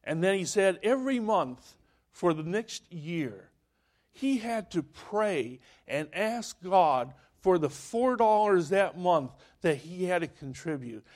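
A male pastor preaching a sermon, telling a story with animated delivery and acting out the voices in it. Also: high voice, slow pace.

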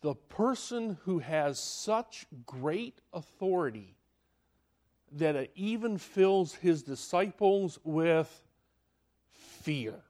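High-voiced man preaching a sermon slowly. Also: animated. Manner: dramatic, swinging from loud to hushed; asks the listeners questions.

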